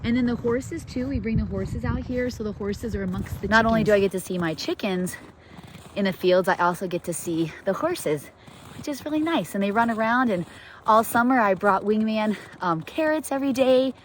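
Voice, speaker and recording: A woman's voice: mid-range voice, fairly quick, slight background noise. A middle-aged woman who owns a farm, chatting casually and rambling as she gives a tour outdoors in the cold, often talking to her animals. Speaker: farm owner and vlogger.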